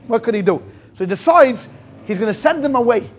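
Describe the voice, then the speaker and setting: A rabbi giving a history lecture as a lively storyteller, acting out quotes and dropping Yiddish words. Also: male voice, very high voice, brisk. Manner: animated storyteller acting out quotes, many restarts. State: sweating in a hot room.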